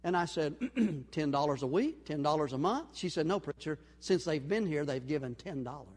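A male pastor with a high voice, preaching and acting out a story's dialogue as he swings from loud to hushed. His sermon rings with long reverb in a church sanctuary. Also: animated, normal speed.

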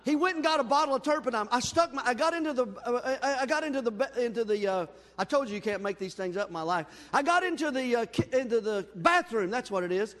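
Guy preaching in a church, real high voice, folksy story-telling, long echo off the hall. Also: fast, few pauses. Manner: folksy storyteller, animated and self-deprecating. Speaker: pastor. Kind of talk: sermon with personal story. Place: church sanctuary.

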